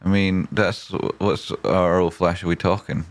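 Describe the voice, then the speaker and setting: A man hosting a live trading stream, reading viewer messages aloud with excitable swearing and silly wordplay. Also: sits low, unhurried. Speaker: trading livestream host.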